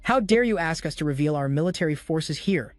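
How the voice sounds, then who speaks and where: A man's voice: on the high side, expressive, brisk, no room sound, faint music behind, lightly acted. A man voicing a group of indignant, self-serving male nobles.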